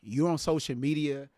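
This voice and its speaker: A man hosting a live stream from home, casually reacting to a clip, incredulous and quick to laugh. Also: medium pitch, mellow, no room sound, clean studio sound. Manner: laid-back, incredulous, laughs easily.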